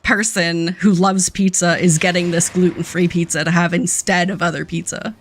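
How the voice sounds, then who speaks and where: A woman streamer chatting casually with friends while gaming, easygoing and quick to laugh. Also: on the low side, flat delivery, a little hiss or hum.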